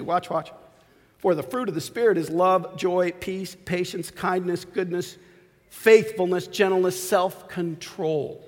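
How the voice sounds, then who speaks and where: A man in his forties preaching a sermon as pastor, swinging from shouted peaks to quiet asides. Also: high voice. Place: church sanctuary. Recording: long hall reverb.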